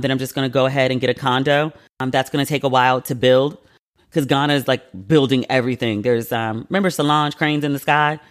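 A man with a mid-range voice chats as the host of a podcast. He is loose and expressive, rambling between plans with casual swearing and self-mocking laughs. He speaks at an easy, everyday pace. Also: medium pitch, clear, resonant tone. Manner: chatty and expressive, swears freely, laughs at himself. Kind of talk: casual chat.

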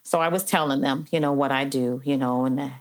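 Low-voiced earnest middle-aged woman. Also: fairly even intonation, fairly quick. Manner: earnest, heartfelt, many "you know" fillers. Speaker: interview guest, probation officer. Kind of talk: conversational storytelling interview.

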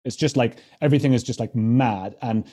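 An English man speaking as a podcast guest over a remote call. His voice is mellow and a little husky. He talks in a chatty, self-deprecating way, often restarting his sentences. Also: mid-range voice, brisk. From England. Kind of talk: casual podcast interview. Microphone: remote call mic.

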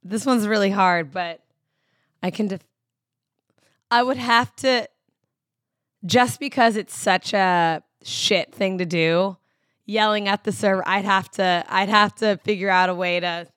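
Woman, podcast co-host, middle pitch, chatty and self-mocking, dry close mic. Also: slow pace, pauses often, fairly bright tone, dry recording. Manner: chatty, laughing, self-deprecating. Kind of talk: casual chat.

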